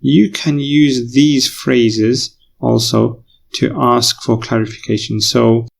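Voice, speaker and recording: A man's voice: mid-range voice, fairly even intonation, slow, gravelly, breathy edge. A male English teacher explaining a lesson patiently, repeating key phrases for learners.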